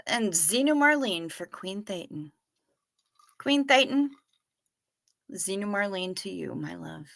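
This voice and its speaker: A woman's voice: medium pitch, expressive, slow, gravelly, long pauses, fairly bright tone. A woman hosting a casual livestream, greeting viewers by name and chatting in a profane, effusive way. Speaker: livestream host. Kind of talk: casual livestream chat reading viewer comments.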